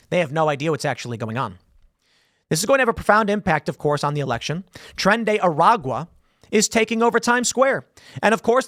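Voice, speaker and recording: A man's voice: high voice, no echo, studio quality. A man hosting a solo political commentary show, telling stories sarcastically and mocking the people he quotes. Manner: sarcastic, animated storytelling with mocking quoted voices.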